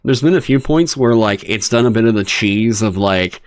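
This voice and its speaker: A man hosting a livestream, talking casually and swearing in exasperated, animated rants. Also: lowish voice, normal speed. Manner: animated, profane ranting with exasperated asides. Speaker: streamer hosting a dungeon design stream.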